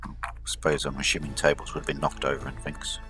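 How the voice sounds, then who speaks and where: A man's voice: extremely low pitch, completely flat delivery, quick pace, music in the background. A man playing a tabletop game, talking casually and correcting himself as he goes. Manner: rambling, self-correcting. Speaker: player.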